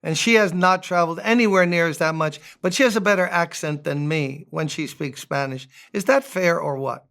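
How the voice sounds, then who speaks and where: A man's voice: fairly high pitch, moderate pace, vocal fry, hardly any pauses, fairly bright tone. A man, a pastor, giving a conversational devotional sermon, making joking asides and reading scripture aloud.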